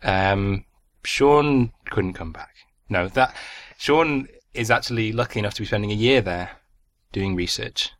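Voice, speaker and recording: A man presents a podcast's feedback segment and sign-off. His voice sits a little low, and the recording is dry, with no room sound. He reads scripted lines at an easy, relaxed pace. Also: measured pace, no echo. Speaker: podcast host.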